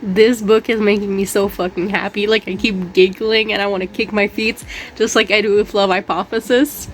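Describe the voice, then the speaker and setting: A woman chatting casually in a reading vlog, gushing excitedly and peppering her talk with "like.". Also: medium pitch, moderate pace, slight background noise. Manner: gushing, excited, heavy use of "like". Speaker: book vlogger.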